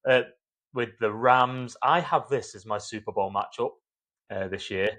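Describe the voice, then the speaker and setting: A man's voice: mid-range voice, measured pace, a bit bright. A man hosting a football podcast over a video call, upbeat and easygoing. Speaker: podcast host. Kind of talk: casual sports chat.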